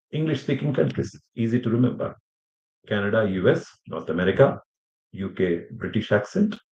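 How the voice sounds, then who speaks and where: Male lecturer, lowish voice, filler-heavy and rambling, quizzing students, roomy muffled recording. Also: a little mellow. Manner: rambling, many fillers and restarts; addresses students with questions. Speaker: language teacher. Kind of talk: classroom lecture. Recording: echoey room, muffled sound.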